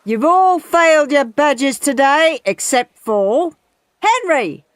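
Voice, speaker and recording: A woman voicing a gruff, bossy male swimming instructor who shouts and snarls at the children. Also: sits high, very animated, takes it slowly, no echo, studio quality, pitched above the performer's own voice, exaggerated voice. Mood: bellowing.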